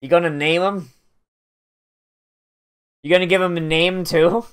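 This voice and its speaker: A man's voice: high voice, steady tone, unhurried, clean tone. A man giving profane, sarcastic watch-along commentary on an anime, mock-angry and swearing often. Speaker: anime reactor.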